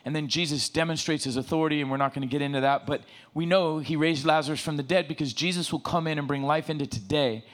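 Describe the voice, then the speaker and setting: A middle-aged man delivers a relaxed sermon in a slightly higher-than-usual voice. He talks in a lively, joking way and retells scripture in everyday slang. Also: quick pace, hardly any pauses. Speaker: preacher. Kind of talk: casual sermon.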